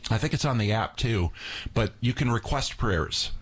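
A man hosting a radio pledge drive, talking to listeners in a relaxed, conversational way. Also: medium pitch, moderate pace. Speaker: radio host.

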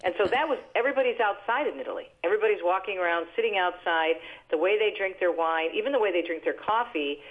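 A woman in her sixties, a radio host and author, telling lively family stories as a guest on the phone. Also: medium pitch, fast talker. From New Jersey, US. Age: 60s. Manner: lively, animated storyteller with laughs. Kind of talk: phone-in interview, storytelling. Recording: tinny phone line.

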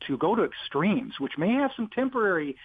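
A male author, a guest on a radio interview, talks with animated energy and often restarts his sentences while telling a story. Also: sits high, fairly quick, breathy edge. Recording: tinny phone line.

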